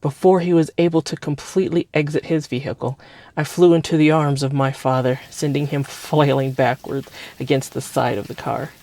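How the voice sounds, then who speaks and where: A man calmly reading a first-person story aloud as storyteller. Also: a little high, moderate pace. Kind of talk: calm read-aloud storytelling.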